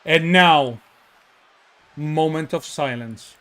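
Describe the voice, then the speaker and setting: A man's voice: fairly high pitch, slow pace, a bit bright. A man with an Italian accent, hosting and commentating a wrestling show, joking and reading chat names aloud. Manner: jokey, reads chat names aloud, hypes the ring entrances.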